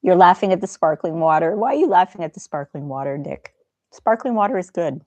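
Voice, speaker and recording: A middle-aged woman talks casually on a live stream, chatting gently with viewers and laughing easily. Her voice sits a little low. It is close and dry, with no room sound. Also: expressive, fairly quick, dry recording. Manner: gentle, chatty, laughs often, soft asides. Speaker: live stream host reading chat.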